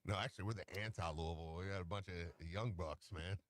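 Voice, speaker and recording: A man's voice: deep voice, fast talker. A man co-hosting a sports radio show and working as a basketball coach, talking in casual banter, laughing and retelling conversations with lots of fillers.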